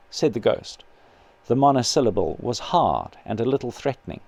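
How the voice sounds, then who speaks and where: A man narrating a story in an audiobook reading, measured and steady. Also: mid-range voice, gravelly, dry recording.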